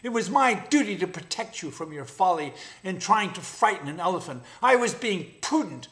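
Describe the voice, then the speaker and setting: A man's voice: high-pitched, very animated, moderate pace, a bit bright, voice pushed up. A man voicing a vain, jittery young male jackal cub in a storybook reading, yapping and snappish. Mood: indignant.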